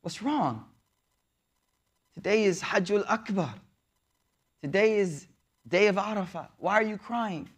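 Man, preacher, casual slangy storytelling, fairly high voice, hushed to excited. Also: slightly rough. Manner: casual slangy preaching, recites Arabic verses quickly; swings from soft, hushed moments to lively excited bursts. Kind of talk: storytelling sermon.

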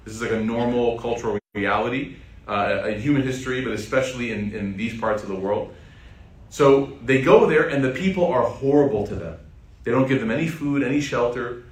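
A man's voice: medium pitch, brisk. Man telling a story in a roomy hall. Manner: casual, animated retelling that addresses the audience directly. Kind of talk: storytelling sermon. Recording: roomy sound from a distant mic.

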